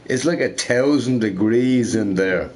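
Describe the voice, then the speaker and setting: A young man rambling casually while streaming a game, swearing freely and telling stories in an animated way. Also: medium pitch, a little slow. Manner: profane, rambling, animated storytelling. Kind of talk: casual rambling chat over gameplay.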